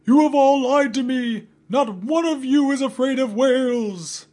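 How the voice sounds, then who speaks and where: A stern first mate barks his orders in a slightly high voice, played by a man. He speaks with firm command and a dread of whales. His lines sound like a comic story read aloud. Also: measured pace. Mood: screaming.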